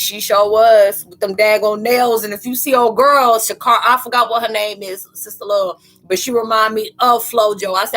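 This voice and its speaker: A middle-aged woman hosts a casual livestream chat, speaking directly to her viewers, laughing and telling stories while reading their comments. Her voice is medium-pitched and a bit bright.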